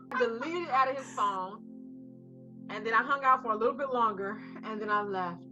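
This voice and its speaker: A woman co-hosting a casual chat, telling a story in an animated way and acting out the voices of the people in it. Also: a little high, unhurried, pauses often, soft background music. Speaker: co-host. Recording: slightly muffled recording.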